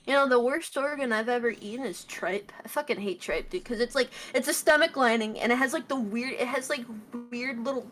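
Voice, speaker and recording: A woman from Michigan, a guest on a stream, chatting in a silly, animated way with frequent laughter and swearing. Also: on the high side, brisk, hardly any pauses, soft background music. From Michigan, USA. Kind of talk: casual stream chat.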